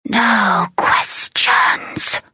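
A woman's voice: extremely slow, pushed and bright, dry recording, highs cut off, full character voice. A woman voicing a small, menacing scorpion creature with a hollow, piped-through-a-tube whisper.

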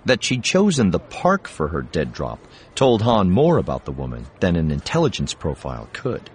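A man narrating a science fiction audiobook in a measured, expressive reading. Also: low voice, slight background noise. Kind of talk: scripted narration.

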